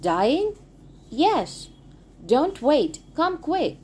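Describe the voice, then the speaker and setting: An anxious young brother in a storybook pleads and fusses with urgency, as a woman reader puts him on. She lifts her voice higher for him and keeps it lively and worried. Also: slow, full character voice.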